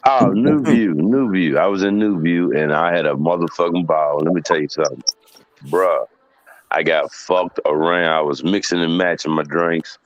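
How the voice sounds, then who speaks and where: A man's voice: a bass voice, steady tone, normal speed, highs cut off. A man in a casual podcast chat, telling a rowdy story with a laugh.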